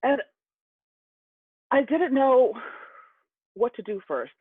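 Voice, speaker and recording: A man's voice: very high-pitched, big pitch swings, slow, slightly rough, dry recording. A man telling a candid personal story to an audience, heated when he recalls being angry. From California. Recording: tinny phone-like line.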